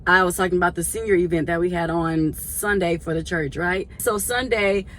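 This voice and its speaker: A woman's voice: lowish voice, normal speed, slight background noise. Chatty woman telling a story. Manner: chatty, animated, addresses viewers as y'all. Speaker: vlogger and church volunteer. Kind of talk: casual storytelling vlog.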